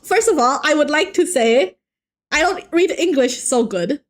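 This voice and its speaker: A young woman hosting a casual art stream, bantering with her viewers in a playful, animated way. Her voice sits high and swings widely in pitch. She often stumbles and restarts mid-sentence as she talks and draws. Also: measured pace. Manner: playful and animated, joking with chat, frequent restarts. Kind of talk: casual live-stream chat while drawing.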